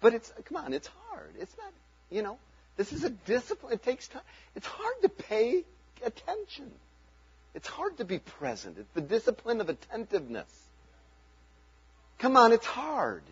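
A man's voice: very high voice, very animated, normal speed, long pauses, a bit bright, slightly rough, muffled recording. A man preaching a sermon as pastor, talking in an earnest, conversational way and chuckling between points.

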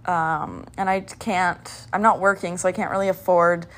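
A woman's voice: lowish voice, steady tone, normal speed, fairly bright tone. A young woman hosting a casual podcast, rambling in a scattered, chatty way with lots of "like" and "um". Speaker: podcast host.

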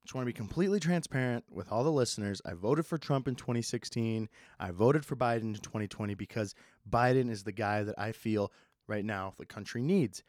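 A young man hosting a casual solo podcast, rambling with sarcasm and plenty of swearing, speeding up and slowing down as he goes. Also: fairly low pitch, a little mellow, no echo, studio quality. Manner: sarcastic, swears a lot, swings between fast and slow. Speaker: podcast host.

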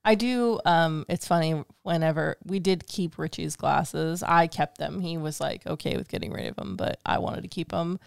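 Woman, podcast co-host, chatty storyteller, lowish voice with fry, dry close mic. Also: moderate pace, few pauses, no echo. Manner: chatty, storytelling, emotional, laughs easily. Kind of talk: casual podcast chat.

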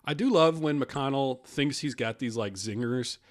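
In his role as comedy podcast co-host, a man rambles casually, laughs often, and adopts put-on voices to quote people. His pitch is medium and his pace measured.

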